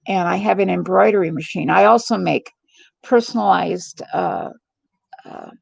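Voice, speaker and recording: A woman's voice: fairly low pitch, normal speed, creaky, breathy edge, no room sound, low-quality recording. A middle-aged woman hosting a live stream vlog, talking in a rambling, earnest and heartfelt way. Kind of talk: casual confiding monologue.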